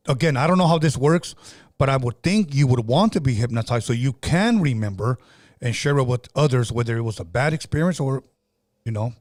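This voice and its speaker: A man's voice: mid-range voice, darkish tone, dry recording. Male podcast host, rambling casual storyteller, dry mic. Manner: rambling, many restarts.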